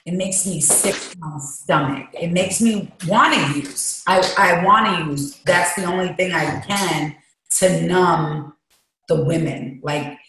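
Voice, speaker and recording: A woman's voice: lowish voice, slow pace, a bit bright. A woman guest talking candidly and emotionally, rambling as she shares her feelings in an interview. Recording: echoey room.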